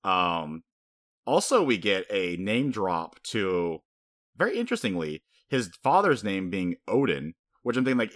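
A man co-hosting a casual podcast, talking fast and animated, laughing often and breaking into high-pitched impressions. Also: dry recording, clean studio sound. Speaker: podcast co-host. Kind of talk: casual chat.

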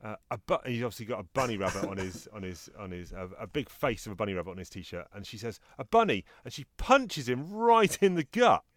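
A man with a fairly low voice, recorded close and dry with no room sound. He talks in a relaxed podcast chat, walking through comic strips in an easygoing way and chuckling as he goes. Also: fast, hardly any pauses, dry recording. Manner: easygoing storytelling with chuckles while reading out strips. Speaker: podcast co-host.

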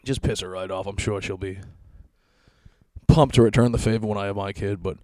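A man in his thirties talks through a solo podcast episode from his basement, swearing freely and mocking himself as he rambles. His voice sits on the low side, and the close mic sounds dry with hardly any room sound. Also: a little fast, warm tone, dry recording. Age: 30s. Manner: profane, self-mocking rambling storytelling. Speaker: podcast host. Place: basement at home.

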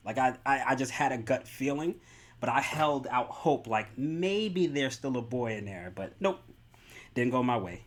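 A young man on a casual podcast, telling a personal story with animated rises in his voice. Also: mid-range voice, moderate pace. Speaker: podcast co-host, expectant father.

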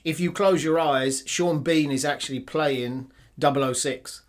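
A man's voice: a little high, unhurried. A man co-hosting a casual film-review chat, who explains the plot in detail. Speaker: podcast co-host reviewing films.

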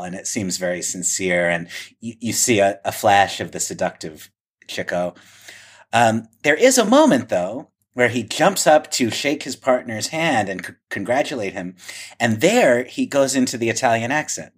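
A man's voice: lowish voice, animated, a little slow. A man co-hosting a podcast, thoughtfully describing old television clips in detail. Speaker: podcast co-host. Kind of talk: conversational film discussion.

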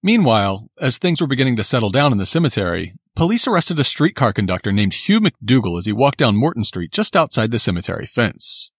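A man narrating a scripted true-crime story in a steady, suspense-building way. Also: mid-range voice, a little fast, few pauses, husky, no room sound, clean studio sound.

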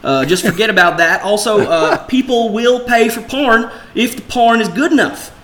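A man's voice: high voice, normal speed, fairly bright tone, a little hiss or hum, voice pushed up. A man putting on a Southern American accent to play a rambling, boastful crypto salesman. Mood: hyped.

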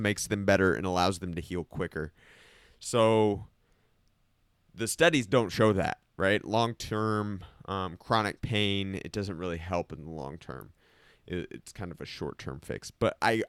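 Low-voiced podcast host with a slight lisp. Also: male voice, unhurried, a bit bright, clear, resonant tone, dry recording, studio quality. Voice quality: slight lisp from teeth aligners. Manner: talkative, explaining at length with a skeptical slant. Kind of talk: casual podcast chat. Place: small recording studio. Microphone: studio microphone.

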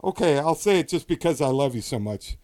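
A man's voice: a little high, lively intonation, a little fast, mellow, close to an everyday voice. A man voicing a grown son phoning his elderly father in a cajoling, chummy way.

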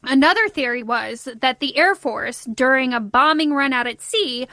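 High-voiced woman with a light Texan accent. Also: normal speed, pushed and bright, no echo. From Texas. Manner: chatty, giggly storytelling with many "like" fillers. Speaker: podcast co-host. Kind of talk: casual chat.

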